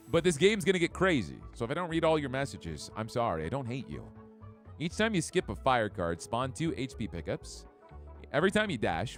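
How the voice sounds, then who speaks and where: A man streaming a game live, chatting casually with his chat and reading out card effects. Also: medium pitch. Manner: chatty, upbeat, reads chat. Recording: faint background music.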